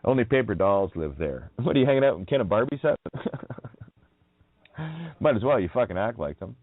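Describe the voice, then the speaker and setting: A man with a low voice hosts a rambling solo radio monologue, his pitch leaping up and down as he mocks and swears. He laughs often and plays on the sounds of words. The recording is dry and thin, like a tinny phone line. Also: animated, brisk, no echo. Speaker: radio show host. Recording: narrow, tinny phone-like audio.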